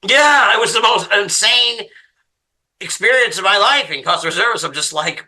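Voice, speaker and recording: Man, podcast guest, casual storytelling, profane, exasperated, very bright tense voice. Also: high-pitched, animated, measured pace.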